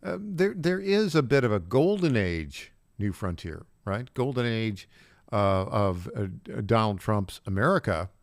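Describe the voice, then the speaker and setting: A man's voice: lowish voice, sing-song, unhurried, no echo, clean studio sound. A man co-hosting a talk radio show, laughing along and asking leading questions.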